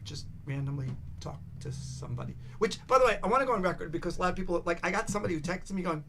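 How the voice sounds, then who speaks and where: A man's voice: high-pitched, animated, racing, a bit bright, a little hiss or hum. An older man, a podcast guest, telling rambling stories in casual chat, restarting sentences, swearing and acting out the voices of the people he quotes.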